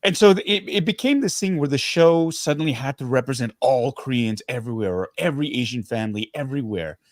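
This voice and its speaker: A middle-aged man from Canada, a guest actor speaking in a casual interview, earnest and animated, often restarting his sentences. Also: mid-range voice, fast talker, dry recording, studio quality.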